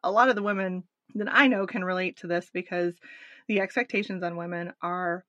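A woman's voice: on the low side, fairly quick, dry recording, highs cut off. Chatty woman podcast co-host. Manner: animated, recapping a documentary with asides. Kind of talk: casual chat.

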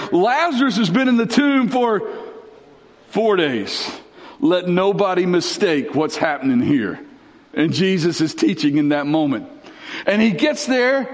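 A male pastor preaching a sermon in a conversational, dramatic way, sweeping up and down in pitch and dropping in slang. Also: big-room sound.

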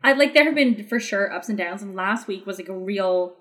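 Fast-talking young woman, rambling chat. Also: medium pitch, animated, a bit bright. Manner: rambling with many fillers and restarts. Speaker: podcast guest. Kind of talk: casual chat.

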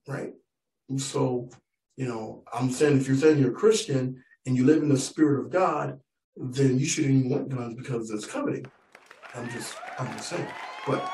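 A man's voice: medium pitch, slight background noise. A male stand-up comedian telling a story in a conversational, mock-incredulous manner. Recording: roomy live venue from a distance.

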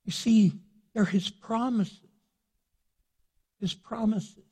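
A middle-aged man, a pastor, preaching a sermon in a husky voice, earnest and conversational, acting out prayers in between. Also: a little high, a little slow, pauses often, darkish tone. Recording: long hall reverb.

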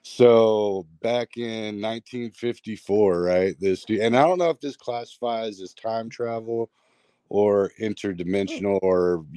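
A man's voice: on the low side, a little slow, smooth, dry recording. A man telling a strange story in a rambling, casual way, full of fillers and restarts. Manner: rambling, filler-heavy, animated retelling. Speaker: guest storyteller.

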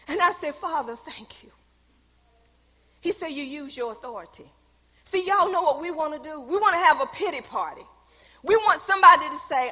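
A woman preaching a testimony sermon, calling out to her congregation and swinging from hushed tones to loud exhortation. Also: extremely high pitch, normal speed, big-room sound, poor audio.

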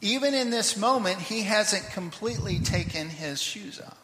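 A man preaching a sermon in church, reading scripture with rising intensity and dropping into quick asides. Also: sits high, expressive, noisy background. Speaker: pastor. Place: church sanctuary. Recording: echoey church livestream.

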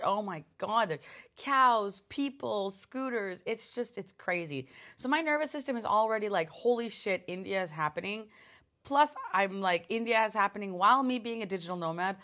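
Rambling, animated young woman telling a story. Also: mid-range voice. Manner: rambling, animated, lots of filler words and swearing. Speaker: podcast host. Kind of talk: casual storytelling.

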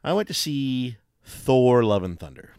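A man co-hosting a casual podcast, rambling and animated with lots of fillers. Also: medium pitch, measured pace, smooth, no room sound, clean studio sound. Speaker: podcast co-host. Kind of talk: casual chat.

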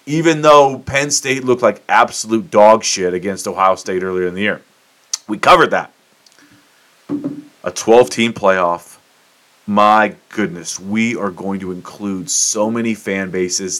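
A man's voice: on the low side, fairly bright tone. A man hosting a solo podcast, ranting in a fired-up, profane way about sports and politics. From United States. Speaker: podcast host. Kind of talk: solo opinion monologue.

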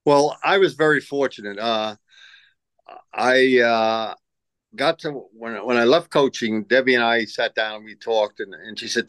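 A man's voice: mid-range voice, a little slow, fairly bright tone, clean tone, no room sound, poor audio. An older man, a former basketball coach, telling rambling stories in an interview, repeating himself and acting out what people said. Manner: rambling, repeats words, acts out quoted lines. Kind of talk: storytelling interview answers.

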